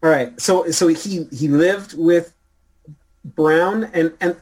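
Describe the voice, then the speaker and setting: A man hosting a casual film chat, hesitant and halting, often breaking into laughter. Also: a little high, darkish tone, poor audio.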